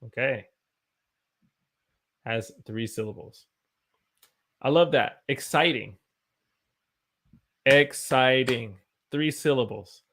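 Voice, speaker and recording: An American man teaching English on a live stream, repeating words slowly for learners and answering questions from the chat. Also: medium pitch, a bit bright. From United States. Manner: slow, drawn-out spelling and repetition of words for learners.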